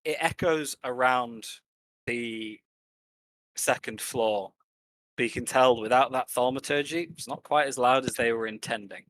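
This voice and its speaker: A man running a tabletop game as game master, narrating the action in measured detail. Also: mid-range voice, a bit bright, rough recording.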